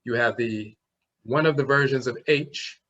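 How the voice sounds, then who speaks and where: A man's voice: mid-range voice, measured pace, pushed and bright. A man giving a classroom lecture on an old script, explaining each sign and sounding out its letter. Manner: explanatory, demonstrates sounds aloud. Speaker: language teacher. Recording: dull lo-fi recording.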